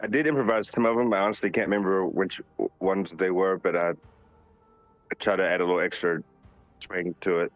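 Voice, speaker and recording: A man from North Carolina, a voice actor reading out fan questions and answering them in a relaxed, joking way. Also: deep voice, moderate pace, pauses often, no room sound. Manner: laid-back, joking, reads questions aloud. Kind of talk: casual live Q&A. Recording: dull lo-fi sound with faint music behind. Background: faint music.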